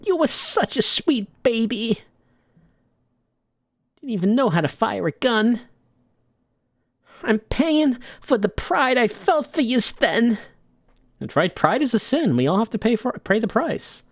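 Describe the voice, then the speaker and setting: A man voicing an old mother of a gangster who is pious, tearful and scolding, in a high, quavering voice. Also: big pitch swings, measured pace, pauses often, no room sound, clean studio sound, heavily acted. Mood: reproachful.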